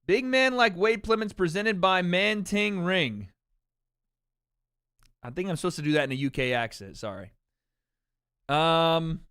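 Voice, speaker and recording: A man's voice: high voice, measured pace, long pauses, a bit bright, clean tone, no room sound, clean studio sound. A man hosting a livestream watch party in casual chat, brash and opinionated, swearing freely.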